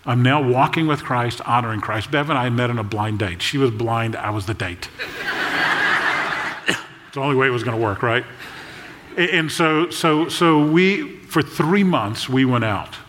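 A man's voice: medium pitch, very noisy. Older male pastor in an echoing hall. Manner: conversational storytelling with jokes and quick asides. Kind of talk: sermon. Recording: long echo of a large hall.

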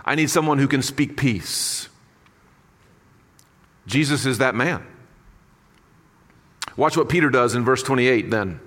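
A man's voice: mid-range voice, slow pace, long pauses, a bit bright, long reverb tail. A man preaching a sermon in an earnest, conversational way with casual asides. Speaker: pastor.

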